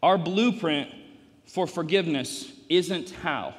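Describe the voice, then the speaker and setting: A male pastor delivering a sermon, emphatic and repetitive, rising to loud peaks in a church. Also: a little high, expressive, a little slow, big-room sound. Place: church sanctuary.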